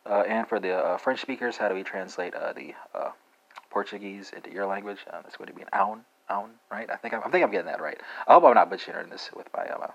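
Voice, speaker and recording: A man with a Texan accent gives a casual spoken language lesson, halting along with lots of fillers and tag questions like "right?". His voice is lowish with a fairly bright tone, and the recording has its highs cut off.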